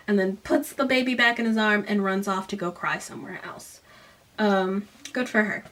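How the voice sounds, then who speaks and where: A woman's voice: mid-range voice, measured pace, fairly bright tone, far from the mic. A young woman giving a casual book recap, chatty, full of "um" and "like", with sarcastic asides.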